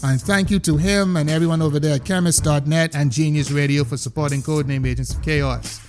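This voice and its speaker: A man's voice: on the high side, fairly even intonation, fairly quick, faint music behind. A man hosting a casual podcast, stammering and repeating words as he goes. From Bahamas. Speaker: podcast host.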